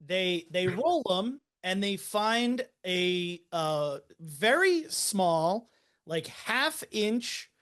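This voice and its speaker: A podcast host talks through a case in a relaxed, chatty way, pausing on lots of "like" and "you know". The voice sits at a middle pitch. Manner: casual, many fillers, teasing. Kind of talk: casual case walkthrough.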